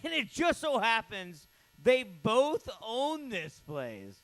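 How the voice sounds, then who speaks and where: A man hosting a comedy night, telling crude rambling stories and introducing the comics, jumping up in pitch for punchlines. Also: wildly swooping pitch, slow, fairly bright tone, no echo, rough recording. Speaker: comedy show host. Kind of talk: stand-up hosting.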